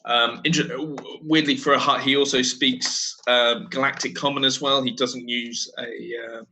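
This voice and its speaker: A man's voice: mid-range voice, flat delivery, moderate pace, creaky, bright, forceful tone, a little hiss or hum, poor audio. A man narrating as game master for a tabletop game, hesitant and full of ums.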